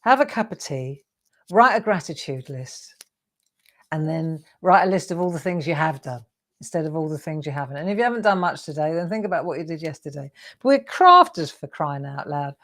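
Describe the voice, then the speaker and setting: A woman's voice: low voice, lively intonation, fairly quick, fairly bright tone. A middle-aged woman hosting a live craft show, chatty, encouraging and self-deprecating as she demonstrates.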